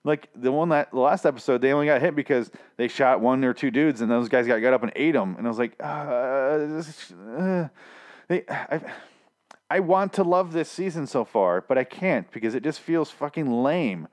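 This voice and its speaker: Hoarse male reviewer, exasperated and swearing, mid-pitched voice. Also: moderate pace. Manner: exasperated, profane, repetitive. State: hoarse, losing his voice. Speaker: TV show reviewer. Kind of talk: casual ranting review.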